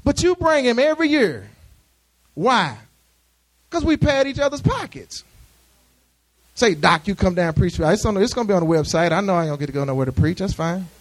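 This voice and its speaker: Male pastor, high voice, chatty call-and-response sermon with many restarts. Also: big pitch swings, brisk, pauses often.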